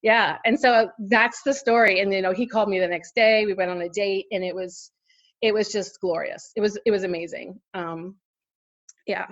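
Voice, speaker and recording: A woman's voice: medium pitch, steady tone, normal speed, lo-fi sound. A woman in her forties, a podcast guest, telling a personal story in casual interview chat with lots of fillers and laughter. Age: 40s.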